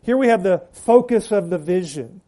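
High-voiced, mellow male preacher. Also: animated, moderate pace. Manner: preaching with rising emphasis and trailing drops at phrase ends. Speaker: pastor. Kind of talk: sermon.

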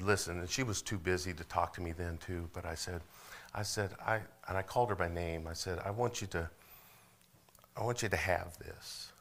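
A middle-aged man preaching a sermon, stumbling over repeated words, asking for amens and building to loud, rising passages. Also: low-pitched. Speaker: pastor.

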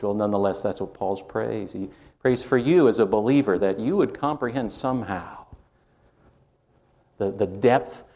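A man from Canada preaching a sermon from the pulpit, slow and emphatic, with wide swings in pitch and loudness. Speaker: pastor.

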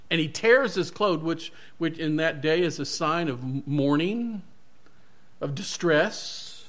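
A man's voice: fairly high pitch, slow pace, fairly bright tone. A male pastor giving a sermon, retelling a Bible story animatedly and correcting himself as he goes.

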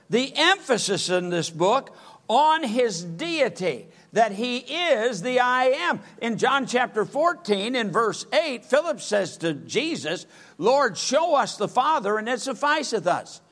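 A male preacher delivering a sermon, reading scripture in an emphatic, drawn-out way. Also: extremely high pitch, a bit bright.

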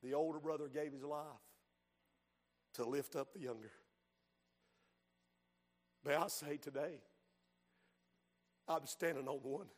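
A male preacher delivering a sermon, moving from hushed storytelling to shouted calls to the congregation. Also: a little high, takes it slowly, pauses often. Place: church sanctuary. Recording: long hall reverb.

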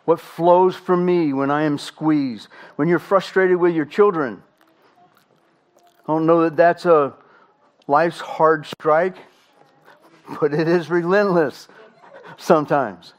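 A middle-aged man, a pastor, preaching a sermon with emphatic delivery, slow dramatic pauses and rhetorical questions. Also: on the high side, steady tone, highs cut off.

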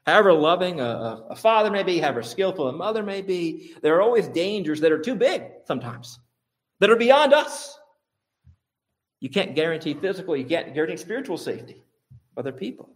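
A man preaching a sermon, building to high, emphatic peaks and repeating phrases for stress. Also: big pitch swings, fairly quick. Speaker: pastor.

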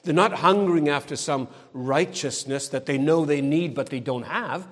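A middle-aged male preacher delivers a sermon in a slightly higher-than-usual voice. He is emphatic and pointed, and he needles his listeners with sarcastic tag questions. A long reverb from a large hall trails after each phrase. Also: moderate pace, few pauses.

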